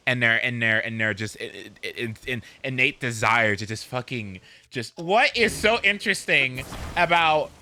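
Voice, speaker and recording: Bright, lively man streaming a game. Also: mid-range voice, moderate pace, few pauses. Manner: rambling and animated, with restarts, swearing and sudden whoops. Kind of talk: casual gameplay chat.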